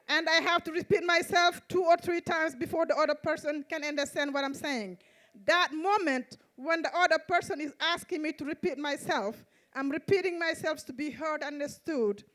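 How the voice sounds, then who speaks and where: A woman with a Mauritanian accent, a native Fulani speaker, reciting a spoken-word poem in a measured, rhythmic way on an outdoor festival stage. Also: high voice, a bit bright. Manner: measured, repetitive rhythmic delivery. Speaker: poet and event host.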